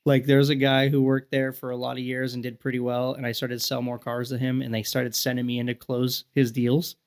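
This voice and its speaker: Gravelly guy around 40 swapping stories on a podcast, cusses a lot, does the voices. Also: mid-range voice, a little fast. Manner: profane, animated storyteller acting out quotes. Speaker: podcast guest. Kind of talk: casual storytelling chat.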